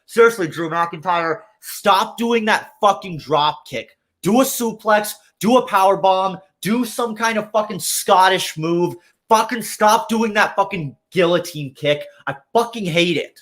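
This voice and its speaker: A man's voice: sits high, a little slow, few pauses, fairly bright tone. A man hosting a livestream, ranting casually with lots of swearing and filler words. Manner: profane, rambling rant with many fillers. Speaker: livestream host. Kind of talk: casual chat.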